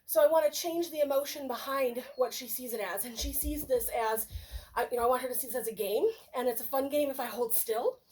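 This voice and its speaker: A woman with a high voice talks through a dog-training session in a loose, conversational way. She explains each step and now and then switches to cheerful sing-song praise for the puppy. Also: a little fast, a little mellow, breathy edge. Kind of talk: casual training demonstration.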